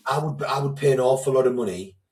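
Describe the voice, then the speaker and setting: A man's voice: medium pitch, fast, a little mellow, echoey room, distant mic. A man co-hosting a casual podcast chat, blunt and swearing freely as he retells conversations. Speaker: podcast co-host, coach.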